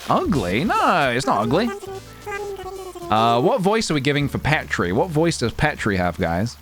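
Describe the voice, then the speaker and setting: A man's voice: mid-range voice, huge pitch swings, moderate pace, over music. Chatty man streaming a cozy game. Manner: chatty and meandering, laughing, humming tunes to himself. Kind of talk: casual gameplay livestream chat.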